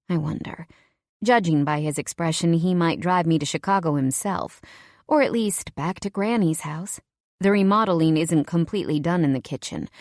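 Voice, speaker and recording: A woman narrating a first-person romance audiobook in an expressive, measured way. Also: lowish voice, no echo, studio quality.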